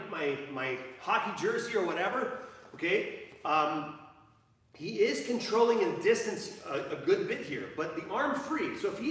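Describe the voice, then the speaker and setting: A man teaches a live jiu-jitsu class, rambling with lots of fillers and restarts. He's captured from far off in an echoey training gym, and his high, slightly bright voice comes with a bit of hiss or hum.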